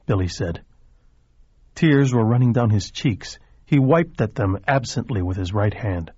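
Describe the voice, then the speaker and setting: Husky male audiobook narrator. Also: fairly low pitch, dry recording, dull audio. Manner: steady, measured reading.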